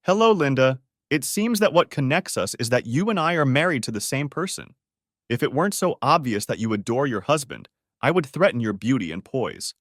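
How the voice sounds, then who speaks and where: A man's voice: medium pitch, very animated, a little fast, no echo, clean studio sound, voice pushed up. A man voicing a charming, confident young French wife who teases and persuades with poise.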